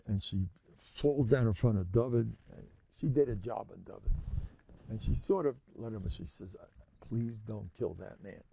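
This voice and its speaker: An older man, a rabbi giving a Torah class, retelling a story in an animated, colloquial way with Hebrew and Yiddish terms mixed in. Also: medium pitch, vocal fry, husky.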